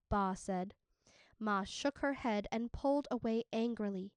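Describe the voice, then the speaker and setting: Female teacher, audiobook read-aloud, slow and crisp, dry close sound. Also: mid-range voice, no echo. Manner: steady, clear storytelling.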